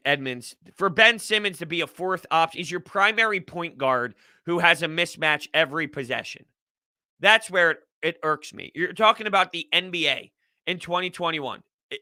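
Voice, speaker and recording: Man, livestream sports host, emphatic, repetitive, venting, slightly high voice. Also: bright, forceful tone, no echo, studio quality. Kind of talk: casual livestream sports talk.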